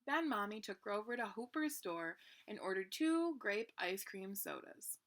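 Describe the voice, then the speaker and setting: Bright-voiced woman reading a storybook. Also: mid-range voice, animated, a little slow. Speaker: reader. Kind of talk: children's storybook read-aloud.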